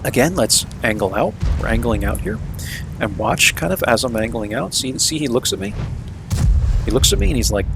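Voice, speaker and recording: A man's voice: mid-range voice, sing-song, normal speed, gravelly, background noise. A man casually talking through replays of his own games as the video's host, laid-back and chatty, often checking in with "right?".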